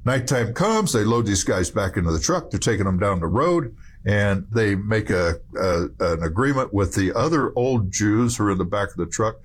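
A man's voice: lowish voice, animated, normal speed, slightly rough. A man giving emphatic, rambling storytelling commentary, full of restarts and asides.

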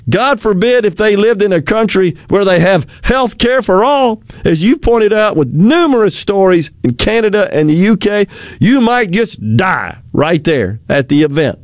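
A male radio talk show host on a studio microphone, chatting in an animated, sarcastic way and laughing often. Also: sits high, moderate pace, dry recording.

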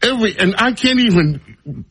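A man's voice: high voice, moderate pace, breathy edge. A male radio talk show host giving an opinionated, mocking monologue. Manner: mocking, drawling, animated.

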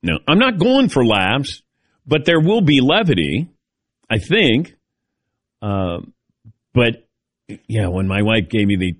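Animated middle-aged man hosting radio. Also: mid-range voice, measured pace, long pauses, no echo, clean studio sound. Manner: animated, self-deprecating, rambling. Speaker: radio show host. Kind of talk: casual call-in radio chat.

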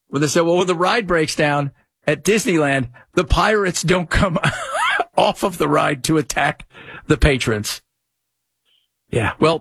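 A male talk radio host with a husky voice, chatting in a rambling, animated way and reading ads quickly. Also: fairly high pitch, no echo, studio quality. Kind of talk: casual talk radio commentary.

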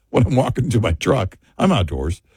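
A man's voice: fairly low pitch, big pitch swings, measured pace, darkish tone, slightly rough, no room sound. A man co-hosting a talk radio show in a studio, telling rambling, joking stories and laughing often. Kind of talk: casual talk radio chat.

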